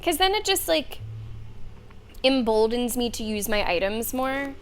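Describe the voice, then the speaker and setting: A young woman with a slightly high voice talks through a game session into a desk mic, thinking out loud and dropping in plenty of "okay"s. Her pacing is relaxed and slow, with faint room hum underneath. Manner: thinking aloud, chatty with many "okay"s. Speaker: streamer. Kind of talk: casual gameplay commentary.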